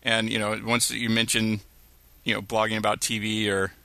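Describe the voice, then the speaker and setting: Male podcast co-host, low and bright, loose rambling delivery, dry close sound. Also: monotone, moderate pace, vocal fry, dry recording. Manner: rambling, heavy on fillers. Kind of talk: casual chat.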